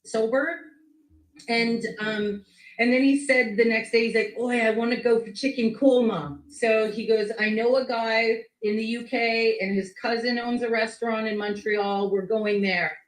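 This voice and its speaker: A woman's voice: a little high, a little slow. Woman telling a story in an echoey room. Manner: lively, full of reported speech and swearing. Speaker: guest. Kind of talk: casual storytelling.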